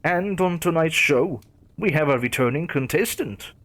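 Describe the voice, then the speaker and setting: A gloating, sing-song female killer, put on by a man in a storybook horror reading. The voice rides high and swoops with lively taunts over a husky grain. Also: measured pace, exaggerated voice.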